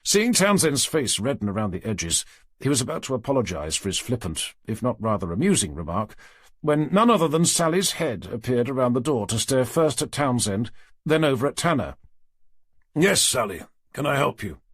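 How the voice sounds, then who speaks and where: Male audiobook narrator, husky, expressive pitch, dry. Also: no echo. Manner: measured, low-key storytelling. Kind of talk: scripted narration.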